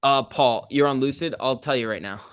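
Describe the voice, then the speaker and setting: A young man chats through a stock-market livestream, loose and excitable as he reacts to viewers. His voice sits at a middle pitch and sounds dry and close, with no room around it. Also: a little fast, smooth, dry recording. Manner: chatty, reads chat messages aloud, jumpy and excitable. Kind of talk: casual livestream commentary.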